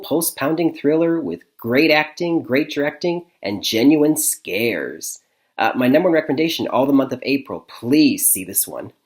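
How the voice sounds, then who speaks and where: A man from Michigan reviewing movies in a casual vlog, rambling, with lots of fillers and chuckles. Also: mid-range voice. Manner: rambling, many fillers and restarts, frequent chuckles.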